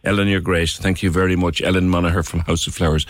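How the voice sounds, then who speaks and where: A man's voice: low voice, flat delivery, fast. A man hosting a radio phone-in, encouraging and folksy with his guests. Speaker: radio host. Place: radio studio.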